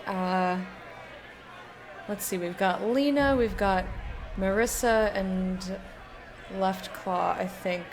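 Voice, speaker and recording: A woman's voice: medium pitch, slow pace, long pauses, some chatter behind. A woman streaming a game in casual chat, giggly and loose and swearing now and then as she talks with her viewers.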